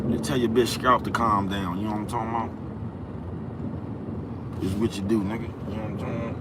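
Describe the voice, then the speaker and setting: A man's voice: on the low side, fairly even intonation, quick pace, very noisy. A young man hosting a livestream from outdoors, ranting in a profane, repetitive way and constantly checking that listeners follow him. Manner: profane, repetitive, keeps asking "you know what I'm talking about". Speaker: livestream host. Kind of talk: ranting live-stream monologue. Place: outdoors in the cold, near traffic.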